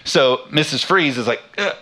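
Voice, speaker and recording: A pastor in his thirties delivers a sermon in church, weaving in a humorous, self-deprecating story about his family. His voice sits somewhat low but carries a bright, forceful edge. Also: expressive, moderate pace. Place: church sanctuary.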